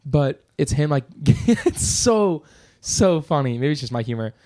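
A young man co-hosting a casual podcast chat, excitable and quick, often laughing as he tells stories. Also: on the high side. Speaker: podcast co-host.

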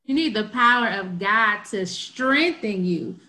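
A woman's voice: medium pitch, lively intonation, unhurried, pushed and bright, roomy sound. A woman hosting an interview, talking in an emphatic, affirming way. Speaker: interview host. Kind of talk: casual interview talk.

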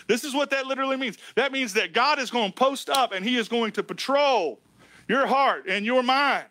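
A man preaching a sermon as a pastor, emphatic and folksy, swinging between loud lines and hushed ones. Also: very high-pitched, moderate pace, no room sound. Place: church sanctuary.

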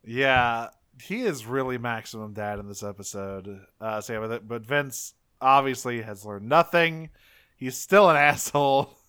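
A man's voice: mid-range voice, measured pace, fairly bright tone, clean tone. A man co-hosting a podcast, recapping episodes in casual chat and laughing as he acts out quotes. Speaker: podcast co-host.

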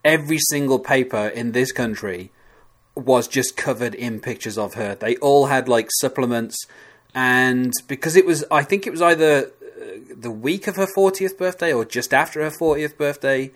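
A man's voice: medium pitch, normal speed, fairly bright tone. A man from Britain talking in a casual podcast discussion, rambling and hesitant with many fillers. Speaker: podcast co-host.

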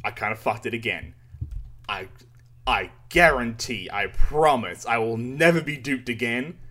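Excitable Australian man, podcast chat. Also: mid-range voice, measured pace. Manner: excitable, swears freely, laughs often. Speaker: podcast co-host.

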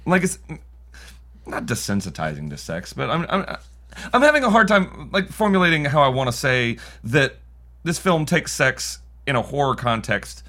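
A man's voice: medium pitch, sing-song, normal speed, pushed and bright. A man co-hosting a casual film podcast who thinks aloud, often restarting his sentences.

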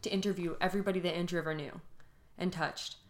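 A woman's voice: lowish voice, steady tone, quick pace. A young woman co-hosting a casual podcast, retelling a case emotionally, with many fillers and trailing-off phrases. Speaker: podcast co-host telling a true crime case.

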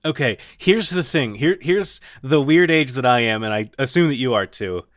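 A man's voice: medium pitch, normal speed, dry recording, clean studio sound. Wry, teasing male podcast co-host. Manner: wry, teasing, deadpan jokes. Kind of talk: casual comedic chat.

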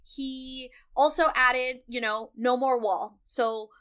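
Bright woman explaining policy frankly. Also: high-pitched, fairly even intonation, takes it slowly, clean tone. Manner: explanatory, frank, swears casually. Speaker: podcast co-host. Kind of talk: casual political chat.

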